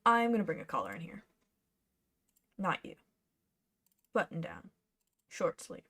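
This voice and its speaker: A woman's voice: medium pitch, sing-song, slow pace, long pauses, a bit bright. A woman streaming her cosplay patterning work, chatting casually and muttering to herself as she works. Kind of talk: casual live-stream chat while working.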